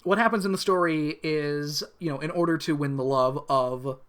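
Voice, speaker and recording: A man's voice: a little high, moderate pace, fairly bright tone. A man co-hosting a podcast, recapping an episode in casual, rambling talk, swearing and restarting often. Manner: rambling, profane, many restarts. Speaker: podcast co-host.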